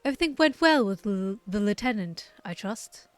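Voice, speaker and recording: A woman's voice: mid-range voice, expressive, normal speed, no echo, close to an everyday voice. Courteous game scholar, voiced by a woman streamer, stately and polished. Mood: formal. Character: courteous, formal scholar summoner.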